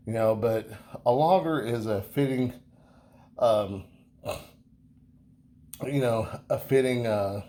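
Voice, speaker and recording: A man's voice: mid-range voice, slow pace, long pauses, dark tone. A man talking casually through a beer review, easygoing and chatty, rambling with many fillers and restarts.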